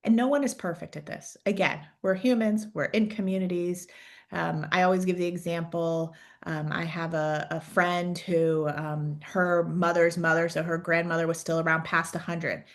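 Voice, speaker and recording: A woman's voice: on the low side, fairly even intonation, normal speed. A woman career coach giving an encouraging, conversational talk, asking reflective questions and often adding "right?". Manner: conversational, peppers sentences with "right?".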